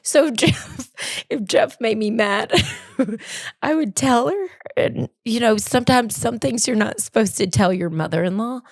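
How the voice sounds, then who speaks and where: A woman's voice: on the high side, unhurried, dry recording, studio quality. A woman hosting a podcast alone, talking in a rambling, candid, self-deprecating way and fighting back emotion. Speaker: podcast co-host. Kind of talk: casual personal monologue.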